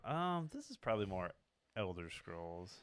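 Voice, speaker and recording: A man's voice: low voice, big pitch swings, measured pace, fairly bright tone, no room sound. A man co-hosting a casual podcast, hesitant and full of fillers as he searches for words. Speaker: podcast co-host. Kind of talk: casual chat.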